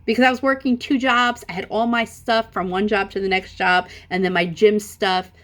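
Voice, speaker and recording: A middle-aged woman telling a long, profane story in a casual, animated way, her voice jumping up when she stresses a point. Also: medium pitch, moderate pace. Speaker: vlogger.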